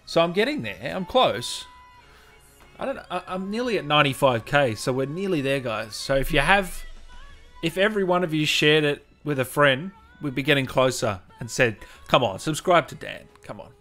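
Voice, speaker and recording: A man's voice: fairly high pitch, expressive, moderate pace, a bit bright, soft background music. A man hosting a livestream, upbeat and chatty, thanking viewers by name. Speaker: host. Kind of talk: livestream chat.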